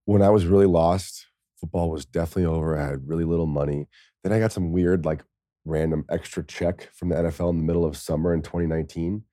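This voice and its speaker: Deep-voiced American man telling stories. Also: fast talker, no echo, studio quality. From United States. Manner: lively, swears, acts out quoted speech. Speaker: podcast guest. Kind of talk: casual storytelling.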